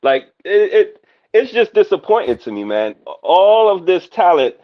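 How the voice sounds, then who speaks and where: A man's voice: sits high, very animated, a little slow. Blunt ranting man on a dull line. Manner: blunt, rants, says "man" a lot. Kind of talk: casual chat.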